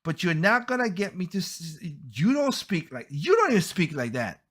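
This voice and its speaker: A man's voice: sits high, big pitch swings, normal speed, a bit bright. A man hosting a podcast, giving heated, blunt opinion commentary and often stumbling over and repeating his words. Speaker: podcast host.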